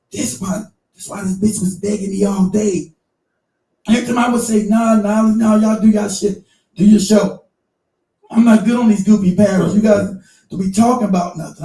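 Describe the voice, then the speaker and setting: A man hosting a casual show, telling a story in an animated, profane way and acting out the voices of the people he quotes. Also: sits high, moderate pace, roomy sound, distant mic, rough recording. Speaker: show host.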